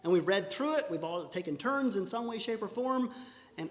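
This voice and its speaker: A man with a high-pitched, expressive voice speaks at normal speed, earnestly instructing a church audience on public speaking in an echoey hall. Restarts and self-corrections are frequent, followed by bursts of emphasis.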